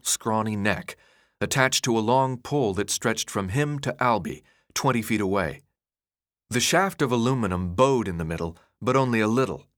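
A man reading a novel aloud in a dramatic, expressive narration style. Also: on the low side, no echo, studio quality. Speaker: audiobook narrator. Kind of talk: scripted narration.

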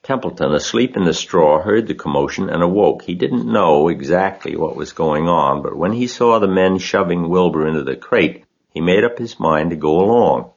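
Male audiobook narrator, deep and steady, lo-fi sound. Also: normal speed. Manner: steady, expressive reading.

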